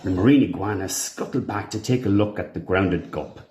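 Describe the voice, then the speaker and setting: Read-along narrator: man, expressive and animated, recorded in a reverberant room. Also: low-pitched, a little fast. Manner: expressive, animated character voices. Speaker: storybook reader.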